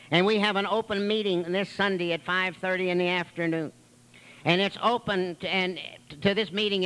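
At a recovery meeting, a man tells his story in a folksy, wry style, piling up long lists. His voice sits high and sounds sharp and clean, though the audio is poor.

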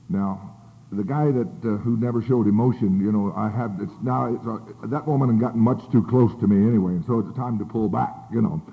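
A gravelly, low-ish voice moves fairly quickly as an older man recounts his recovery to a group. The story wanders, filled with fillers and restarts, and the sound is tinny and phone-like.

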